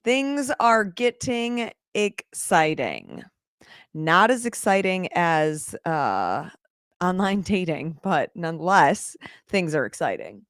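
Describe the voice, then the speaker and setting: A woman's voice: lowish voice, sing-song, slow pace, smooth, no room sound, clean studio sound. A woman hosting a casual livestream, chatting candidly with viewers and laughing often as she talks. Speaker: livestream host.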